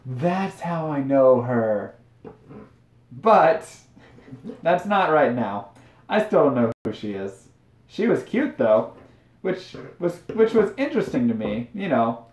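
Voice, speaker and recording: A man's voice: medium pitch, darkish tone. Young man rambling in an echoey kitchen. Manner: rambling, self-deprecating storytelling. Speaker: streamer. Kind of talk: casual cooking livestream chat. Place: home kitchen. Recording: roomy, dull lo-fi stream audio.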